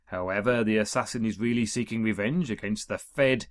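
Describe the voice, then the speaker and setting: Reading episode listings a little fast in a lowish voice, this man throws in wry, chuckling asides as he goes. It's studio quality, with no room sound.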